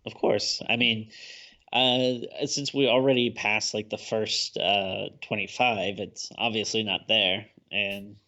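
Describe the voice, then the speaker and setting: A man's voice: on the low side, level tone, takes it slowly, pushed and bright. A man co-hosting a horror podcast, joking casually with small stammers and chuckles. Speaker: podcast co-host.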